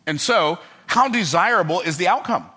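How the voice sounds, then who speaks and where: Here the older man's voice is high, husky, pushed and bright, with lively intonation at a moderate pace. Speaking motivationally to a live crowd, he repeats and stresses points in his stories and often checks in with the audience through rhetorical questions.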